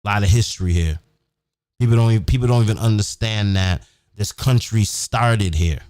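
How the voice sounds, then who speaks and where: A podcast host with a lowish, darkish voice rants at normal speed on a live stream from his home setup near a big city, in studio-quality sound with no room noise. He's fired up, profane, and repetitive, constantly ending sentences with "man."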